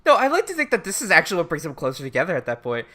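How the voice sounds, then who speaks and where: A young woman with a lowish but bright, forceful voice jokes her way through an anime recap. She talks casually and crudely, acting out scenes along the way. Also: huge pitch swings. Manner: jokey, crude, plays out scenes in quick silly voices. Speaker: podcast co-host.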